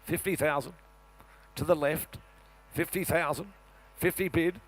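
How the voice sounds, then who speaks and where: An Australian man calling bids as an auctioneer at a live sale, rattling off rapid repetitive number chants. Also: fairly high pitch, steady tone. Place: sale ring.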